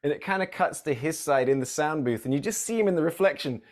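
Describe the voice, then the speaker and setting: Animated, laughing man chatting about films. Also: fairly high pitch, fast talker. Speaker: podcast co-host. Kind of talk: casual film podcast chat.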